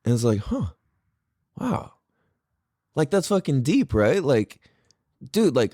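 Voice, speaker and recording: A man in his thirties hosting a podcast, talking in an excitable, rambling way and swearing freely. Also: mid-range voice, takes it slowly, long pauses, no echo, studio quality. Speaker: podcast host. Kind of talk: casual solo podcast talk.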